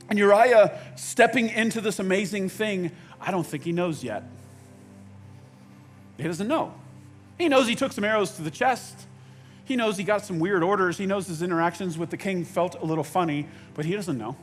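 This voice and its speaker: A man preaching a sermon in a conversational way, with halting restarts, dropping to quiet intensity and rising to loud outbursts. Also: high voice. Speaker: pastor. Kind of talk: sermon with acted-out quotes.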